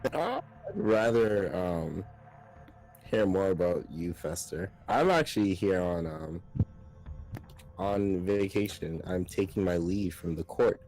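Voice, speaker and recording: Deep-voiced hesitant man playing a game. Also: lively intonation, takes it slowly, darkish tone, poor audio. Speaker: player.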